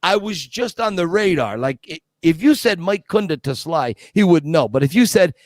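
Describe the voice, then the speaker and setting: A man from Scranton, Pennsylvania, a guest who tells stories excitedly, restarts often and acts out quotes. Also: a little high, moderate pace, dry recording, studio quality. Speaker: guest, Rocky impersonator. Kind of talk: casual storytelling.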